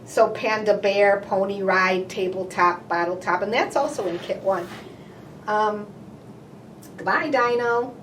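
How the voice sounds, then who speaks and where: A woman working as a speech therapist in a playful session with a young child. She models words slowly and one at a time, then bursts into cheers and sound effects. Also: mid-range voice, fairly bright tone, a little hiss or hum. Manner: slow, deliberate word-by-word modeling. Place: indoor therapy room. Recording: roomy and distant.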